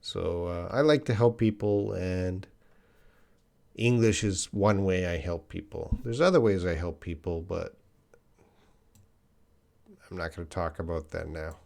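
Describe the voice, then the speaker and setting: A man's voice: deep voice, unhurried, creaky, pauses often, a little mellow. A man, teaching English on a live stream, chatting casually and often restarting his sentences. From Canada. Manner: casual, restarts often, reads viewer comments aloud.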